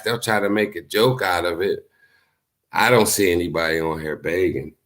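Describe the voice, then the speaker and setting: A man talking casually to his livestream viewers, telling stories in a loose, profane way and acting out what other people said. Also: moderate pace. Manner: animated storytelling, acts out quotes in high voices; profane, laid-back. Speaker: YouTube streamer. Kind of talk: casual live-stream commentary.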